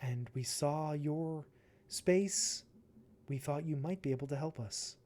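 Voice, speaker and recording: A man voicing a lofty, grandiose idealist artist who speaks in measured phrases. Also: a little high, warm tone.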